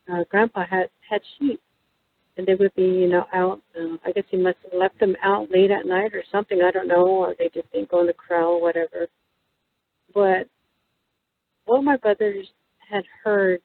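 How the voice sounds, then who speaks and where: A woman from New Mexico telling a story as a guest, rambling and hesitant with many ums and restarts. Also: on the low side. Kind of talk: casual storytelling in an interview. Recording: tinny phone-line sound, dry.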